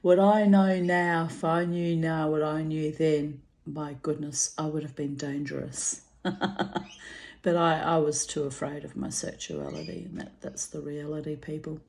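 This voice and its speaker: A woman's voice: deep voice, measured pace, a little mellow. An older woman, rambling through a personal story in a chatty way, laughing often. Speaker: vlogger.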